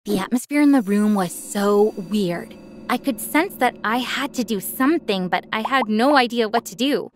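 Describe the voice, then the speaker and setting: A woman narrating an animated first-person story in a clear, expressive scripted voice. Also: a little high, normal speed.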